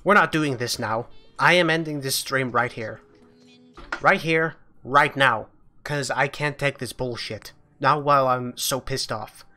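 A man's voice: medium pitch, a little slow, sharp tone, faint music behind. A man streaming a game live, ranting furiously with heavy swearing.

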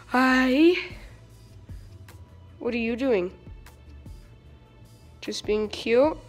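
A woman's voice: on the high side, very slow, pauses often, fairly bright tone, faint music behind. A teenage girl vlogging at home on her phone, chatting playfully to her dogs and viewers. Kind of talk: casual vlog talking to dogs and viewers. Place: family home, indoors. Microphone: phone camera.

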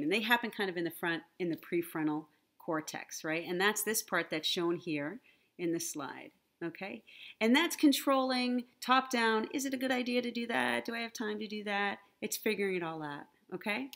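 A woman's voice: mid-range voice, animated, moderate pace, fairly bright tone. Friendly woman giving a slide lecture. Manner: friendly teacherly, often adds "right?" and "okay?", laughs lightly. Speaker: conference speaker on the brain and language learning. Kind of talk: online conference talk with slides. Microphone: computer mic, online presentation.

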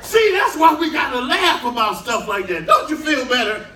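An older man does stand-up in a cruise ship show lounge before a live audience, telling animated stories at normal speed, shouting his punchlines, and letting out high-pitched put-on cries. The live audio is roomy and distant, with a loud crowd and noisy background.

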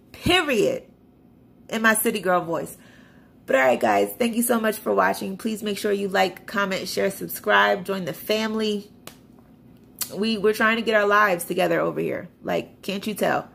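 A woman's voice: medium pitch, creaky, a bit bright. A woman vlogger casually walking through her paycheck budget, reading account balances aloud in a chatty, self-deprecating way. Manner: chatty, reads figures off a screen, self-deprecating. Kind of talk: casual budget walkthrough to camera.

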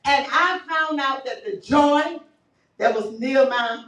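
A woman pastor delivering a fervent sermon, building up to shouts and often breaking into laughter. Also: high-pitched, measured pace. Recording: echoey church audio from far off.

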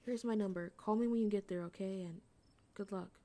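A woman's voice: mid-range voice, fairly even intonation, a little fast, warm tone, natural voice. A woman reading the lines of an earnest, eager young woman who hunts cryptids and reassures her friend. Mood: caring. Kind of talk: reading game dialogue aloud.

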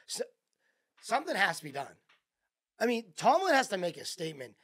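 Animated husky man ranting about sports. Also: sits high, fairly quick. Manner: agitated, exclaiming questions. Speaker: co-host. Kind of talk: sports talk chat.

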